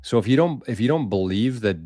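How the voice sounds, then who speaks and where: A man's voice: mid-range voice, expressive, a little fast, dark tone, dry recording, studio quality. A man hosting a casual live-stream show, rambling loosely and swearing freely as he chats with viewers. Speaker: podcast host.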